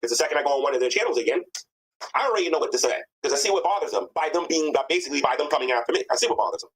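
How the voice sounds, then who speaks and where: Brief: husky man host, quick and animated, jokey livestream banter over a call. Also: fairly high pitch, poor audio. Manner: jokey, laughs often. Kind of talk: casual livestream chat.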